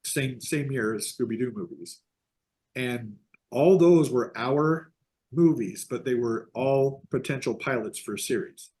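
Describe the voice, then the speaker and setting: A man's voice: mid-range voice, measured pace, dark tone. A man who worked at an animation studio, explaining history in a played interview clip.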